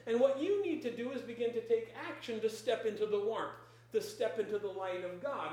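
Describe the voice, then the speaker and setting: A preacher delivering a sermon in emphatic, repeated declarations. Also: mid-range voice. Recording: very echoey room.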